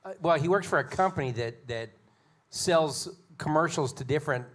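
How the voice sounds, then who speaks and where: A man's voice: fairly high pitch, expressive, moderate pace. A man who plays guitar in the band, answering hesitantly with a laugh and self-deprecating asides. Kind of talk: casual chat.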